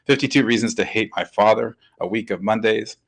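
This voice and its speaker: A man's voice: fairly low pitch, fairly quick, gravelly, rough recording. A man hosting a webcast interview, talking in an upbeat, chatty way with lots of fillers. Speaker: webcast host. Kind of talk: casual hosted interview.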